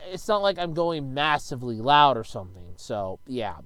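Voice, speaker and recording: Casual male vlogger with a mid-pitched voice, rambling and cursing, with sudden loud bursts; close mic, dry room. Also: big pitch swings, normal speed, hardly any pauses, no echo. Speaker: YouTuber answering viewer questions. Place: his bedroom at home. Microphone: close desk microphone.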